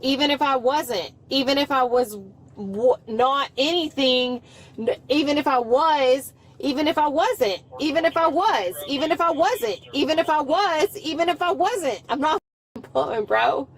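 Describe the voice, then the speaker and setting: A woman being arrested, talking back in a defiant, mocking way and breaking into shouts and laughter, caught by a police body camera in a car. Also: high-pitched, expressive, measured pace. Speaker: arrested driver. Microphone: officer's body camera.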